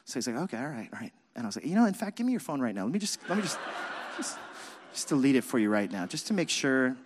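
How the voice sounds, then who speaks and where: A man preaching as a pastor, telling a self-mocking personal story with lively, animated delivery. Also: medium pitch, quick pace, noisy background. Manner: animated, self-mocking, acts out his own past shouting. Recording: reverberant hall.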